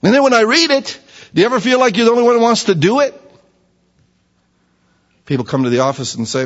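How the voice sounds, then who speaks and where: A male pastor preaches with a lot of animation and slips into character voices to act out the dialogue. His voice sits high for a man. The recording is dull, with a long echo from a large hall. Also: expressive, quick pace, long pauses. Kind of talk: sermon. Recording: dull sound in a reverberant hall.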